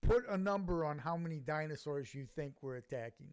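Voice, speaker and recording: A man's voice: fairly high pitch, lively intonation, a little fast, clean tone. A man chatting with a friend about a movie, throwing in dry, sardonic quips. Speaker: podcast movie reviewer. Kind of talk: casual chat.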